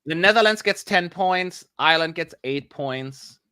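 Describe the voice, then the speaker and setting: A man co-hosting a live watch-along stream, chatting excitably and grumbling aloud as he tracks what is on screen. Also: fairly high pitch, measured pace, clear, resonant tone, no echo, studio quality. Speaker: livestream co-host.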